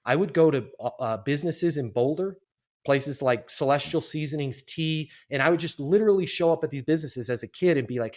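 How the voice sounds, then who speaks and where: A man of fifty, a guest on a podcast, telling his life story in a casual, animated way and acting out the voices of the people in it. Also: a little high, a little fast. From Colorado, US. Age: 50s. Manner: animated storyteller, acts out quoted voices, repeats words.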